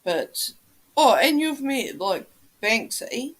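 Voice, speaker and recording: A woman from New Zealand's South Island, with that accent, chatting casually. She talks slowly and drops the odd swear word. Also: fairly high pitch, sing-song, fairly bright tone, husky. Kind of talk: casual chat.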